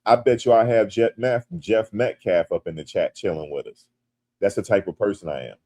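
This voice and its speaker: A low-voiced man from the United States talks casually on a livestream. He reads the chat aloud and answers with playful jokes. When viewers tease him, he turns loud and animated. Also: brisk. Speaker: livestream host.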